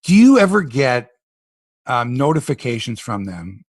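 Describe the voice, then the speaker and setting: A middle-aged man hosting a casual sports podcast, animated and sarcastic as he rants. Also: mid-range voice, unhurried, slight background noise.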